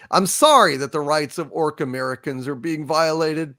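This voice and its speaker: A man's voice: a little high, normal speed, few pauses, fairly bright tone, dry recording, studio quality. A man hosting a live-stream panel show, ranting angrily and swearing constantly. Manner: profane, angry ranting.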